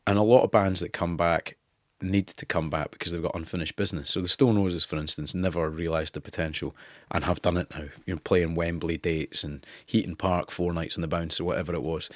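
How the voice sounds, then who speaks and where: A middle-aged Scottish man, a former newspaper editor, appears as a podcast guest and tells casual interview anecdotes full of laughter and swearing. His voice sits low, and the recording is studio quality with no echo.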